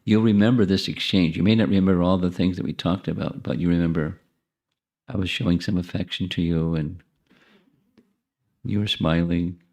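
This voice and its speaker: A man's voice: sits low, steady tone, normal speed, a little mellow, highs cut off. A man giving an informal spiritual lecture to an audience in a temple hall, talking conversationally with asides to listeners and restarting his phrases as he thinks. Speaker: monk giving a spiritual talk.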